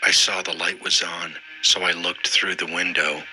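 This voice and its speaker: A man narrating a scary first-person story in a steady, scripted way. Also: low voice, normal speed, faint music behind, poor audio.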